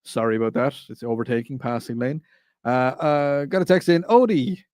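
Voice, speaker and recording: A man fills in as a talk radio host, joking his way through listener texts. He speaks at a middling pitch and sounds close and dry on a studio microphone, with an easy, rambling delivery. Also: brisk, a little mellow, clear, resonant tone, dry recording. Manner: jokey, laughs easily, loose and rambling.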